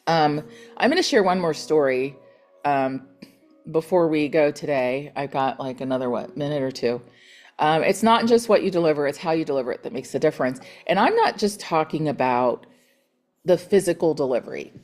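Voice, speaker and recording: A middle-aged woman hosting a motivational real estate team call, chatty and encouraging, retelling conversations with lively quoted voices. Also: low-pitched, moderate pace, soft background music.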